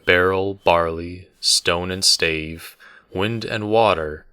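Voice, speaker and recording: A man's voice: fairly low pitch, big pitch swings, measured pace, gravelly, bright, forceful tone, no room sound, studio quality, pitched above the performer's own voice, full character voice. A man doing Bast, a playful lilting assistant. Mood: sing-song. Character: playful young male innkeeper's assistant.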